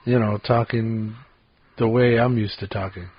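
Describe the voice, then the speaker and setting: A middle-aged man with a husky voice rambles through a casual podcast chat and keeps poking fun at himself for being old. The audio is dull and lo-fi. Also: fairly low pitch, steady tone, unhurried, no echo. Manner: rambling, self-mocking about being old. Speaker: podcast co-host.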